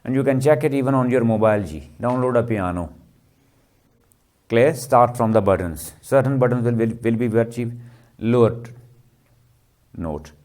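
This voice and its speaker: Man lecturing, mellow voice. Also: mid-range voice, moderate pace, long pauses. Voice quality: repetitive, question-and-answer teaching style. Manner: checks understanding with frequent "clear?" and "ji". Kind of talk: classroom lecture.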